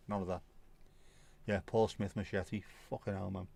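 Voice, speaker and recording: A man's voice: on the low side, little pitch movement, normal speed, gravelly, a little mellow. A middle-aged man, hosting a livestream in casual chat, laughing and swearing often as he talks. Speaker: livestream host. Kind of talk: casual chat reading viewer comments.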